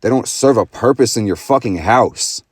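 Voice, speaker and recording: A man's voice: medium pitch, moderate pace, slightly rough, no room sound. A young man in a profane, intense motivational astrology monologue, full of slang and swearing. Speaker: astrology vlogger.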